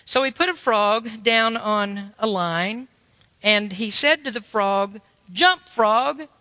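A man delivers a sermon in a high, bright voice, folksy and emphatic as he spins a story for his listeners. The sound is dry and close, yet trails off into a long hall reverb. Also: takes it slowly. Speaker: preacher.

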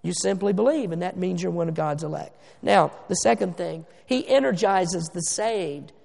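A male pastor delivers a sermon in a high, deeply gravelly voice. He presses his points hard, drawing words out for stress and dropping from loud declarations to near-hushed asides. His voice rings with the long reverb of a church hall. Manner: emphatic, slows down for stress, swings between loud and hushed. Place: church sanctuary.

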